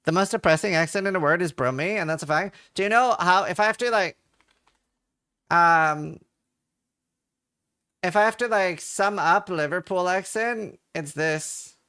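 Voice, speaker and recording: A man from Norway chats loosely through a live stream, answering his chat aloud. His voice sits a bit high and rings bright and forceful, with casual swearing. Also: normal speed, long pauses, clear, resonant tone. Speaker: game streamer.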